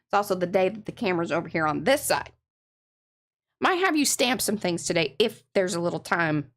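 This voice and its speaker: A woman's voice: lowish voice, very animated, a little fast. A woman hosting an art livestream, chatting casually and greeting viewers by name. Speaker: livestream art show host.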